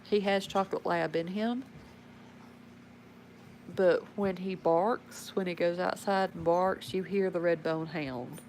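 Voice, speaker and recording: A woman's voice: on the low side, slow, a little mellow, a little hiss or hum, low-quality recording. A woman, rambling casually about her pets at home and talking to them as she goes. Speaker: pet owner showing her animals. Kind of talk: casual home video chat.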